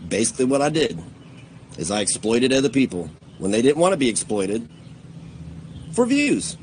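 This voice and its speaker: A man on a livestream goes off in an angry rant, swearing freely. His voice jumps up into heated outbursts and then drops into low, bitter muttering. Faint noise hums under the recording. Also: big pitch swings, normal speed.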